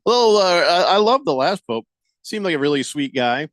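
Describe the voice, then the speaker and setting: Man, radio host, slightly high voice, very lively pitch, rambling, joking, stammering, dry close mic. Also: moderate pace, no room sound. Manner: rambling, jokey, stammers and restarts; acts out quoted voices for laughs. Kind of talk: casual sports radio chat.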